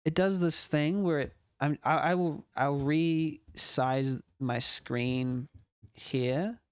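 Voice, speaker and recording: Guy streaming a game jam entry, chatty, slightly high voice, dry close mic. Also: slow pace, clear, resonant tone, no echo. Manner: chatty, reacts aloud to each guess. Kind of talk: casual let's-play commentary.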